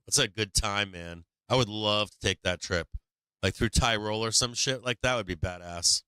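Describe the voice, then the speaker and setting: A man's voice: on the low side, moderate pace, bright, forceful tone, smooth, no room sound. Profane, chatty older man. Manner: profane, laughing, rambling. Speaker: stock market livestream host. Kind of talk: casual livestream chat.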